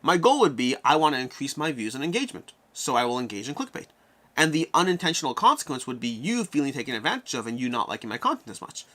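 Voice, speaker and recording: Fast, lively man hosting a live Q&A. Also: medium pitch. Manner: animated, talks things through out loud. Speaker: host answering viewer questions. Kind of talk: live-stream Q&A chat.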